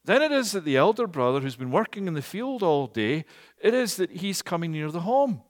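A man from Scotland, preaching a storytelling sermon, animated and rising to loud emphatic peaks. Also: high-pitched, a little fast. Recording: long hall reverb.

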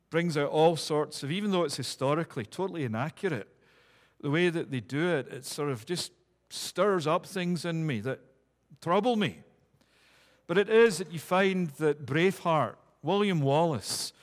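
A man preaches in a church, his somewhat raised voice rising to fervent calls and then falling to hushed asides. The long reverb of the hall trails after each phrase. It is a sermon that flows into prayer. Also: a little high. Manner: impassioned preaching, swelling on quotes and dropping to hushed asides.

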